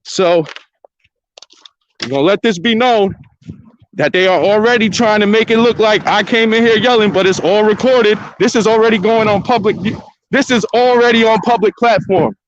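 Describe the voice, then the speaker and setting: A man's voice: high voice, moderate pace, a little hiss or hum. Insistent man on a lo-fi phone recording. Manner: insistent, argumentative, repeats himself. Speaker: vlogger confronting court staff. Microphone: phone held by the speaker.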